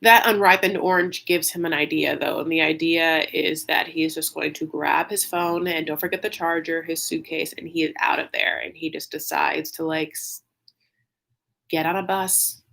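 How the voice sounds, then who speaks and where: A young man recapping a reality show in a campy, sassy, animated storytelling style, calling viewers "honey". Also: a little high, vocal fry. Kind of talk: casual comedic recap.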